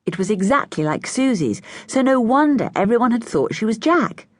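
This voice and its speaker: A woman narrating a children's story, voicing each child with a higher, brighter pitch. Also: moderate pace, no echo. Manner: lively, voices each child with raised pitch. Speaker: audiobook narrator.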